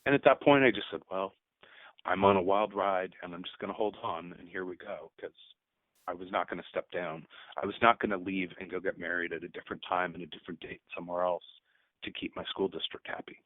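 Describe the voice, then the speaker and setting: A man's voice: low voice, fairly even intonation, a little fast, no room sound. A man in his fifties, a teacher and guest on a radio show, speaking earnestly and at times choked up. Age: 50s. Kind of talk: emotional radio interview. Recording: tinny phone line.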